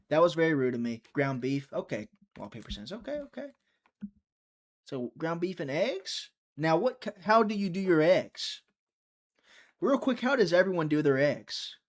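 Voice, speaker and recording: A man's voice: a little high, big pitch swings, moderate pace. A young man hosting a live fight-watching stream, chatty and teasing, reading viewer chat aloud.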